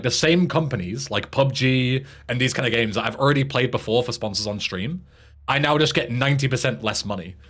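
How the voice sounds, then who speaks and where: A man's voice: medium pitch, fairly bright tone. A young English man streaming a game, chatting casually, joking and swearing. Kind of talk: casual gameplay commentary.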